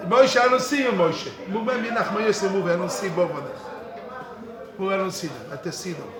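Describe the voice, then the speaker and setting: With a voice that sits high and a slightly fast pace, a man teaches Torah at a yeshiva. He stresses his points through repetition and calls out students by name. The recording comes from an echoey study hall filled with a crowd of students.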